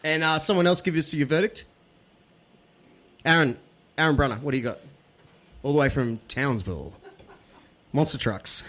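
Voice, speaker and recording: A man's voice: a little high, normal speed, pauses often, fairly bright tone. A man hosting a podcast, joking and teasing in casual chat. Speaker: podcast host.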